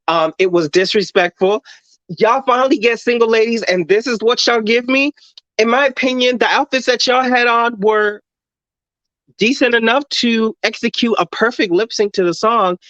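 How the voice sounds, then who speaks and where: A man's voice: sits high, fairly bright tone, no echo. A man co-hosting a podcast, giving a blunt, sassy, profanity-heavy review in casual chat. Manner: blunt, sassy, swears a lot. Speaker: podcast co-host. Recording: dull lo-fi dry sound.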